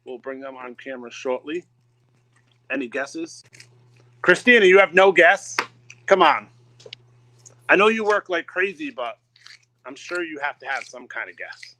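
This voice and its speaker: A man's voice: fairly high pitch, animated, unhurried, pauses often, pushed and bright, slight background noise, poor audio. A man hosting a casual online interview, asking questions in a friendly, prompting way. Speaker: host.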